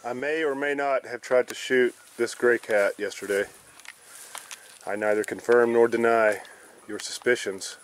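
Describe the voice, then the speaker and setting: A man's voice: mid-range voice, fairly even intonation, a little slow. A man ranting bluntly and profanely in a casual vlog, recorded outdoors in a rural yard. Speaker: vlogger.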